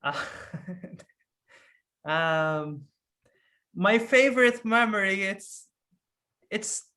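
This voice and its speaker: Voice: medium pitch, expressive, drawn-out words, pushed and bright. A rock guitarist from Malta with a Maltese accent, chatting in an interview and often restarting sentences. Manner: hesitant, with frequent restarts and laughter. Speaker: rock band guitarist, guest. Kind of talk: casual interview chat.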